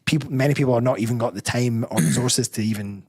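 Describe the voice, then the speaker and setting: A man's voice: mid-range voice, fast, darkish tone, slightly rough. A Scottish man, a personal trainer and bodybuilder, talking candidly as a guest in a casual interview, often restarting his sentences. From Scotland. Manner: candid, rambling, self-correcting.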